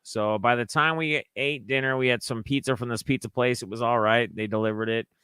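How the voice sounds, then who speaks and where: A man's voice: mid-range voice, fairly even intonation, a little fast, bright, forceful tone, clear, resonant tone, dry recording. A young man from Minnesota casually recapping a trip, rambling and acting out his friends' lines in raised voices. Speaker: sports card collector vlogger.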